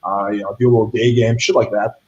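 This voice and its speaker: A man's voice: lowish voice, flat delivery, fast talker, darkish tone, lo-fi sound. A young man telling a story in a casual interview, blunt and profane, full of fillers like "like" and "right". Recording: echoey room.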